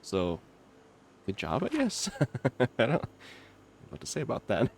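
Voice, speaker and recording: A young male streamer chats casually with his livestream chat as he games, laughing a lot and reacting to comments. His mid-range voice swoops wildly in pitch, comes out a little slow and creaky, and has slight background noise behind it. He is not from Kentucky.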